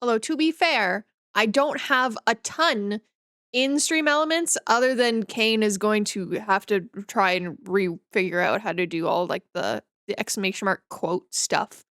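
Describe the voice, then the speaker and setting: A woman's voice: medium pitch, measured pace, a bit bright, dry recording, studio quality. A woman from northern Canada, a streamer chatting casually with her viewers in a rambling, easygoing way as she reads and answers chat.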